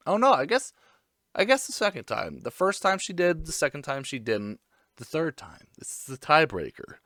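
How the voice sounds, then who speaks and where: A man's voice: on the high side, big pitch swings, moderate pace, fairly bright tone, no room sound, clean studio sound. A young man giving a casual, crude, joking anime recap, with lots of fillers. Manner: crude, jokey, full of fillers.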